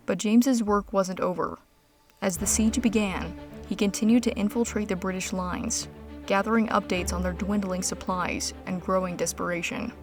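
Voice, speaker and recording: A woman reading a scripted history story in a measured, dramatic storytelling manner. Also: medium pitch, fairly even intonation. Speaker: narrator. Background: music.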